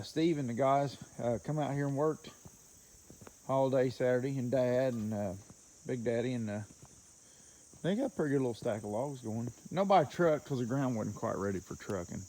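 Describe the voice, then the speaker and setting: A man's voice: medium pitch, a little mellow, slight background noise. A man talking casually in a vlog about his mill work, rambling and folksy, chuckling often. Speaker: logger and mill worker vlogger.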